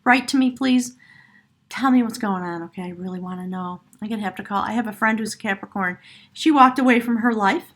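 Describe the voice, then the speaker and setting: A woman's voice: mid-range voice, brisk. A woman giving an earnest, emotional tarot reading, laughing often and at times choked up, her voice cracking. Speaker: tarot reader.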